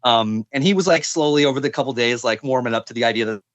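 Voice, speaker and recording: A man's voice: mid-range voice, quick pace, a bit bright, no room sound, highs cut off. A young man, a podcast guest, telling a story in a casual, rambling way, full of fillers and restarts.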